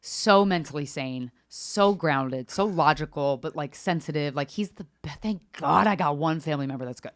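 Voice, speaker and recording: A woman's voice: low voice, normal speed, hardly any pauses, dry recording, clean studio sound. A woman guest on a podcast, telling a personal story in a frank, unfiltered way, swearing freely and acting out what people said. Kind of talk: candid conversational storytelling. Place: New York.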